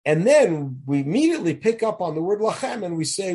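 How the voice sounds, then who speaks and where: A man teaching a text study lesson, explaining and questioning in an emphatic, animated way. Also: high-pitched, fairly quick, few pauses, slightly rough. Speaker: Torah teacher.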